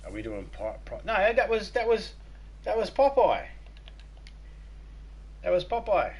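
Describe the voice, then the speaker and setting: A man's voice: sits high, wildly swooping pitch, unhurried, breathy edge, low-quality recording. A young man hosting a live game stream, chatting casually with crude, playful jokes. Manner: crude joking, playful, breaks into voices and laughter.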